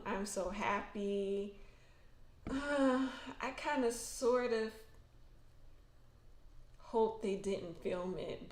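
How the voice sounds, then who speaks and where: A woman hosting a casual livestream, chatting emotionally and colloquially with frequent restarts. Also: medium pitch. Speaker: tarot reader and fan livestream host. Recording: echoey room.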